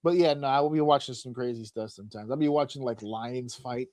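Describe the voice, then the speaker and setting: A man with a mid-range voice hosts a podcast, talking a little fast with no echo. He tells funny stories in casual chat, animatedly acting out voices and often laughing.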